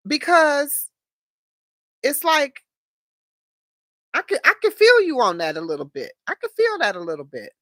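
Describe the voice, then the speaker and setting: A woman's voice: high-pitched, sing-song, unhurried, pauses often, a bit bright, no room sound, studio quality. A woman hosting a casual live stream, chatting straight to her viewers and laughing often. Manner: laughs often, talks to chat directly. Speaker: livestream host.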